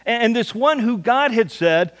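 A man's voice: extremely high pitch, lively intonation, normal speed, a bit bright, big-room sound. A male pastor preaching a sermon in a folksy way, often stumbling over repeated words.

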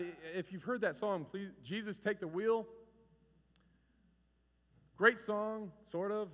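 A man in his forties preaching a sermon as a pastor, animated and conversational, acting out stories with shouts. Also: fairly high pitch, highs cut off. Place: church hall. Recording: reverberant hall.

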